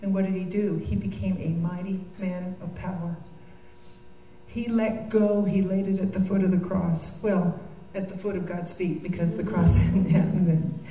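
A woman's voice: fairly low pitch, fairly even intonation, normal speed, mellow. A woman giving a devotional talk, earnest and heartfelt, with joking asides. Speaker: Christian speaker. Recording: echoey room from a distance.

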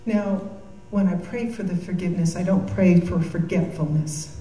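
A woman's voice: lowish voice, fairly even intonation, normal speed, warm tone. A woman giving a devotional talk, earnest and heartfelt, with joking asides. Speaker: Christian speaker. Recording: echoey room from a distance.

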